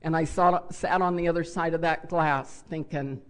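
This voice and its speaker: A woman's voice: low voice, steady tone, moderate pace. An older woman sharing her personal story at a recovery convention, talking in a candid, heartfelt way. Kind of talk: personal share talk. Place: hotel convention ballroom.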